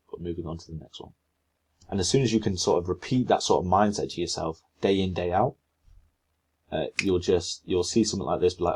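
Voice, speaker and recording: Low, husky man rambling on. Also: mellow. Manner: chatty, rambling, self-talking asides. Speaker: trading educator. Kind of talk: casual screen-share commentary.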